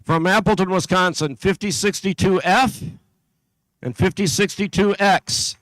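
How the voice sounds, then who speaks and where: Event announcer, male, high voice, dry close sound, reads team lists steadily with the odd slip. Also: unhurried, a bit bright, dry recording, low-quality recording. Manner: reads a list steadily, with small slips and asides. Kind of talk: announcing teams at a competition. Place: event venue.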